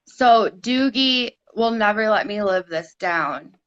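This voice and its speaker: Midwestern woman, co-host, bright clear voice, slow unhurried talk. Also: medium pitch, lively intonation. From Michigan. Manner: giggly, chatty. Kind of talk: casual chat. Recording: dull lo-fi online audio.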